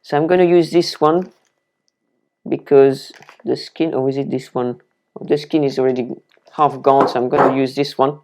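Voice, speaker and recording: A woman's voice: a bass voice, steady tone, normal speed, a little mellow. A woman with a French accent, hosting a casual cooking demonstration in her home kitchen and chatting enthusiastically to the viewer as she chops vegetables. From France. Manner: chatty and enthusiastic, talks to the viewer while chopping. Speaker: cooking video host.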